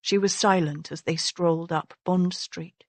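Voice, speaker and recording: A woman narrating an audiobook novel in a measured, even storytelling manner. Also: on the low side, dry recording. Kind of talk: scripted narration.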